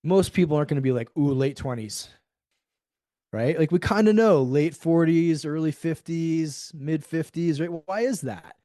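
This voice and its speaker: In a clean studio recording with no room sound, a middle-aged podcast guest talks frankly in a conversational interview. His mellow voice sits on the high side and moves at a moderate pace, and he performs quoted lines with lively animation.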